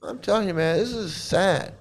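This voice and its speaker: A man's voice: high voice, moderate pace. A man hosting casual commentary as he reacts to videos, blunt and sarcastic, swearing and often restarting his phrases.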